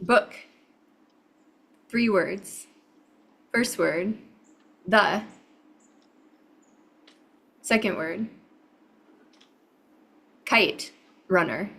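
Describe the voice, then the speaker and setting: A woman calls out short, clipped guesses, drawn out at a very slow pace. Her voice is husky with a gravelly edge, coming through a video call. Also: mid-range voice, a bit bright. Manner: clipped one-word guesses. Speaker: comedian playing charades. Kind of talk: calling out guesses.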